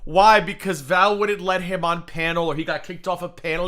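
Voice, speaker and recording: Mocking, bright-voiced male streamer. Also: high-pitched, unhurried, hardly any pauses. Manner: gossipy, mocking, laughs a lot. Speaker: livestream host reacting to clips. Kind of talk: casual commentary stream.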